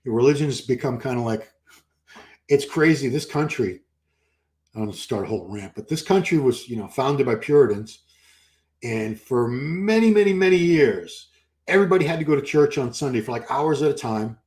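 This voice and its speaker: A man's voice: mid-range voice, expressive, moderate pace, a little mellow. An older man, chatting casually on a live stream and answering comments, rambling and correcting himself as he goes.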